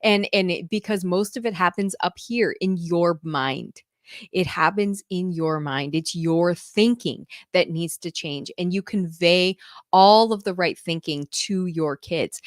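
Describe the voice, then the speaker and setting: A woman's voice: fairly low pitch, no echo, studio quality. A woman homeschool mentor talking casually to her viewers, gushing and effusive, often breaking into laughter. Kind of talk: casual talk to camera.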